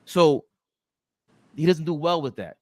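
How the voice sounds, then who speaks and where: A man co-hosting a casual sports podcast, talking in slangy, emphatic bursts with loud outbursts. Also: a little high, expressive, measured pace, no room sound, clean studio sound. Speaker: podcast co-host.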